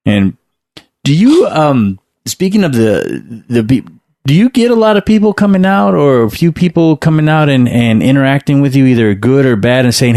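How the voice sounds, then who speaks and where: A man's voice: mid-range voice, moderate pace, dry recording. An American man hosting a casual interview and asking loose, rambling questions. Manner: relaxed, rambling questions with restarts. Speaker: podcast host, interviewer.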